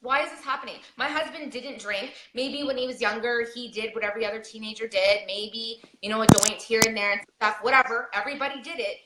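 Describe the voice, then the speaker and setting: A woman with a bright, ringing voice speaks a little higher than most. She talks earnestly and pleads with repeated questions, and her voice carries some room echo. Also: a little fast, few pauses, slight background noise. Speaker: podcast guest. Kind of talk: emotional personal storytelling.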